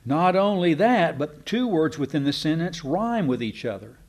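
A man giving a folksy, digressive Bible teaching to a congregation, slowing down to stress key words. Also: a little high, sing-song, a little mellow. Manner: folksy and digressive, slows down for emphasis. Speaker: preacher.

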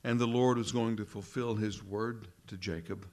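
A man leading prayer and preaching a sermon in an earnest, measured way, often tagging lines with rhetorical questions. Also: lowish voice, fairly even intonation, a little mellow. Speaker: pastor.

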